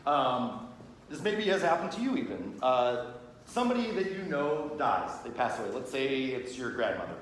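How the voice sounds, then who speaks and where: A man's voice: mid-range voice, big pitch swings, normal speed. A man giving a casual classroom lecture on religion. He talks conversationally, often checks in with "right?", and acts out little scenes in quoted voices. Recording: very echoey room, faint background hum.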